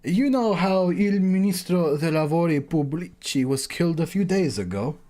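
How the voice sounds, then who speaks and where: A man's voice: on the high side, animated, warm tone, pitched above the performer's own voice, lightly acted. A man putting on a gossiping townsperson in a shaky Italian accent. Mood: gossipy. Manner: attempted Italian accent, slowed and drawn out. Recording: faint music underneath.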